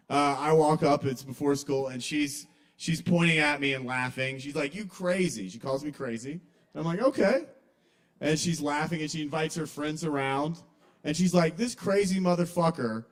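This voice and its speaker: A young man with a drawl tells stories at an open mic in a kava bar. His voice sits a little high, and his delivery is confessional and rambling, with sudden loud outbursts in his acted quotes. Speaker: stand-up comedian at an open mic. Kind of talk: casual stand-up comedy.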